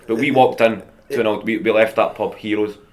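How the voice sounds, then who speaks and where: A man's voice: lowish voice, steady tone, normal speed, a little hiss or hum. A Scottish man in his thirties, a comedian guest chatting casually and telling stories with a lot of laughter. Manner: chatty storyteller, laughs often. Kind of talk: casual chat.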